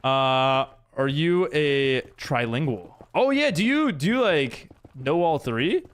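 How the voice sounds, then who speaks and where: A man's voice: fairly high pitch, animated, slow pace, clean tone. A young man streaming, chatting casually with viewers, laughing often and using lots of fillers. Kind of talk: casual live-stream chat reading viewer messages.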